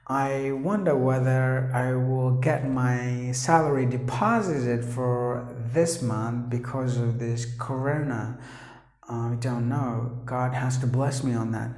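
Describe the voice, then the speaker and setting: A man with an Indian English accent teaching pronunciation, spelling out sounds and repeating words slowly and earnestly. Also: medium pitch, fairly even intonation, a little mellow, roomy sound. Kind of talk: pronunciation lesson. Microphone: camera operated by his wife.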